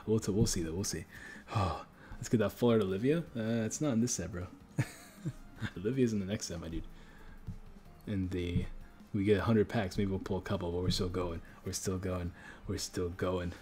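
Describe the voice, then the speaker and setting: A man's voice: low-pitched, a little fast, pauses often, warm tone, soft background music. A young man hosting a livestream, chatting casually with viewers and hyping them up with repeated chants and slang while opening card packs. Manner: hype-building, slangy, repeats chants, talks to chat. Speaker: livestream host.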